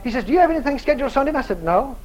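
A male preacher tells a ministry story in a very high voice with a lively, swooping pitch. He delivers it as an animated, chuckling anecdote. He breaks into loud, shouted prayer at times. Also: rapid-fire, lo-fi sound. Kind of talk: storytelling sermon.

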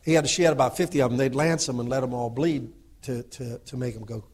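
A middle-aged man preaching a sermon, dropping to low asides and then rising into loud exhortation, often asking the audience for agreement. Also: fairly even intonation, fast.

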